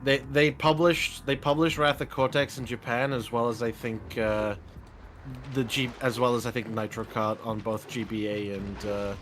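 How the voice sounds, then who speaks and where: A man's voice: medium pitch, little pitch movement, normal speed, fairly bright tone, slight background noise. A man joining a friend's game stream, chatting casually, cursing and sharing game trivia. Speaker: guest co-streamer. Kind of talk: casual gameplay chat.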